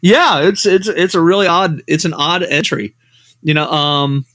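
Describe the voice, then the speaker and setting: A man's voice: on the high side, a little slow, a bit bright, dry recording. A man, a novelist and screenwriter, telling rambling anecdotes as a podcast guest, full of "you know" fillers.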